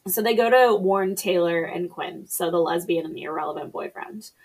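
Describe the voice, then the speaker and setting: A woman with a husky, somewhat low voice narrates a horror film plot in a dry, sarcastic way. She mimics the characters' lines as she goes and keeps her tone casual and unhurried. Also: a little mellow. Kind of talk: casual movie recap chat.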